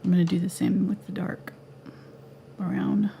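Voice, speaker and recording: A woman teaching a live painting lesson at home, chatty and relaxed, coughing as she loses her voice. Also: medium pitch, measured pace, vocal fry, slight background noise. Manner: relaxed, chatty, laughs easily. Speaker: painting instructor. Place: home art studio.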